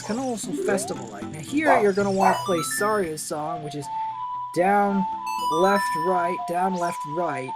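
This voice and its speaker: Tired, rambling game walkthrough narrator. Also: medium pitch. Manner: rambling and offhand, drifting between tips and asides. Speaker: gameplay narrator. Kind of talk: casual game walkthrough commentary. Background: game music.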